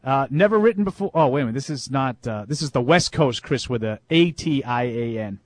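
A man's voice: medium pitch, a little fast, no room sound. A man co-hosting a sports talk show, chatting casually and reading listener emails aloud. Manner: conversational, reads emails aloud with amusement. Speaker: sports radio co-host.

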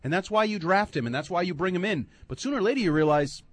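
A man's voice: sits high, animated, fast talker, no echo. A man co-hosting a sports talk show, sarcastic and mocking in casual debate.

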